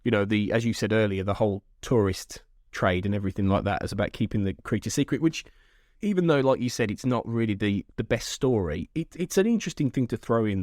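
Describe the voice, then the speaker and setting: A man's voice: on the low side, a little mellow, no echo. Dry-sounding man chatting casually. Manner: rambling, self-interrupting, laughs often. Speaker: podcast host. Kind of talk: casual chat.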